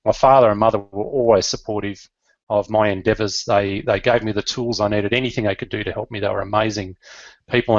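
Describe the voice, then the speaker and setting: A man's voice: fairly low pitch, dry recording, muffled recording. A middle-aged Australian man telling his life story in an earnest, emotional way, with fillers and restarts. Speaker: business leader.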